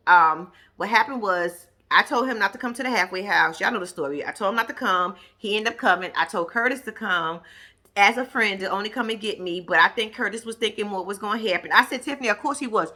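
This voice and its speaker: A woman casually recapping events as a show host, animated and profane, mimicking the people she quotes. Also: mid-range voice, fast talker.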